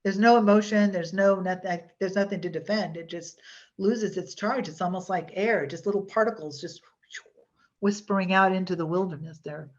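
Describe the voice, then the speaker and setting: A woman of mid-range pitch and moderate pace teaches a casual hypnosis workshop, rambling and chatting with plenty of fillers and false starts. The online recording sounds dull and lo-fi.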